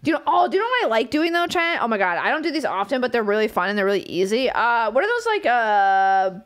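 Giggly, animated woman streamer. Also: fairly high pitch, quick pace. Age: 30s. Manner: giggly, animated and swearing freely. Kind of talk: casual live-stream chat.

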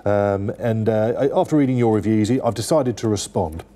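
Man, mellow chatty voice. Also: lowish voice, moderate pace. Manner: rambling, many fillers and restarts. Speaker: newspaper review guest. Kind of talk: casual chat.

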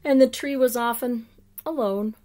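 A woman reading a children's picture book aloud, slow and expressive, sometimes dropping to a hush. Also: on the high side. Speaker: children's story reader.

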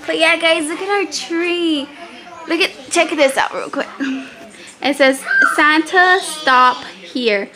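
Chatty high-voiced woman vlogger. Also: measured pace, pauses often, background noise. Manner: chatty, laughs often. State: pregnant, very full after eating. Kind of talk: casual chat. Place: restaurant, then home by the Christmas tree.

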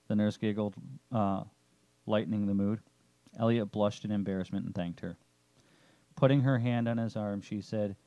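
A man narrating a story chapter in a steady, descriptive way. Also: lowish voice, moderate pace, no echo, highs cut off.

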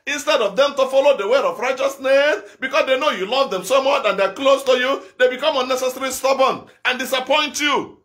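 Preacher guy, really high bright voice, fired up and repeating himself, yells a lot. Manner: impassioned, repetitive, bursts of shouting. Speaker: evangelist preacher. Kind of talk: sermon.

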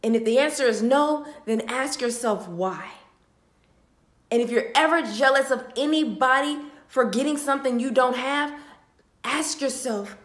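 Young woman vlogger, tearful and sighing, a little high-pitched, heartfelt and repetitive, phone camera in an echoey room. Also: measured pace. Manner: heartfelt, repetitive, swinging between hushed and loud. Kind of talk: emotional talk to camera. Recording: roomy echo.

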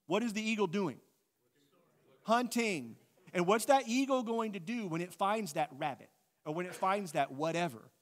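A middle-aged man, teaching an adult class in a lively, casual way, thinking out loud and asking the group questions. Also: high voice.

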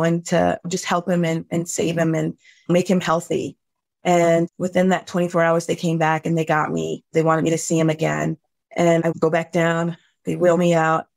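A middle-aged woman, a podcast guest, telling a painful personal story in an earnest, heartfelt way, halting at the hardest moments. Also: lowish voice, creaky, darkish tone, dry recording.

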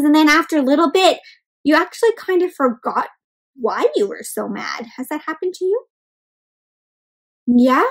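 Lady doing a kids read-aloud, high voice, keeps asking the little ones questions, gentle teacher vibe. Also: lively intonation, moderate pace, poor audio. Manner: asks children questions, addresses them as "my friends". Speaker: children's story reader.

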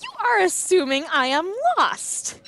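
Lively, high-voiced woman gaming. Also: measured pace. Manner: confident, playful, laughs often. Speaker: co-op gameplay partner and guide. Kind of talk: casual gaming chat.

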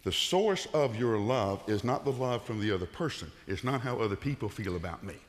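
A male pastor giving a conversational sermon, rising into loud emphatic bursts and dropping to low, quiet tones. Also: expressive, fairly quick, long reverb tail.

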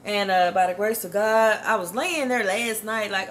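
A woman's voice: medium pitch, normal speed, fairly bright tone, a little hiss or hum. A middle-aged woman giving a devotional morning testimony, chatty and exuberant, laughing often and repeating phrases like a preacher. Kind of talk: informal devotional talk.

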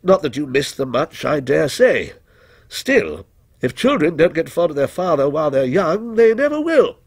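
A man voicing a brooding, mysterious male stranger who asks slow, probing, needling questions. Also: on the high side, big pitch swings, vocal fry, slightly rough, dry recording, voice pushed up, exaggerated voice. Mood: insinuating.

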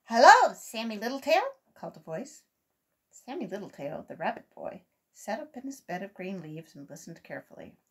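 A woman volunteer reader telling a children's story aloud in an expressive, gentle way. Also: on the low side, brisk, breathy edge.

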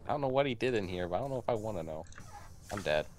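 A man's voice: on the low side, lively intonation, very fast, a little mellow, a little hiss or hum. A man hosting an online game stream, chatting wryly and mocking himself. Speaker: streamer, lobby host. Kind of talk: casual gaming chat.

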